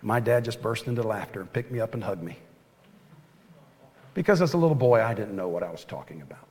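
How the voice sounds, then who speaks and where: A man preaching a sermon as pastor, earnest and folksy, often dropping to a soft hush. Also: lowish voice, lively intonation, fast. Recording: long hall reverb.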